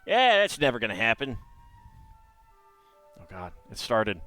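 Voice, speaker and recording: A man's voice: mid-range voice, wildly swooping pitch, a little slow, sharp tone, faint music behind. A man streaming live, thinking aloud in hesitant, rambling commentary.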